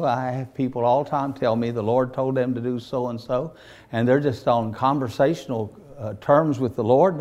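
A man preaching a sermon in a folksy storytelling style, swinging from hushed narration to loud exclamations. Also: mid-range voice. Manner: folksy, homespun phrasing.

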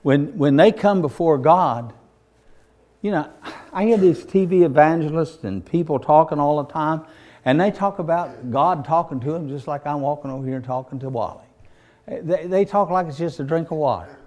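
A man preaching a sermon in a folksy storytelling style, swinging from hushed narration to loud exclamations. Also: a little high, moderate pace. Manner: folksy, homespun phrasing.

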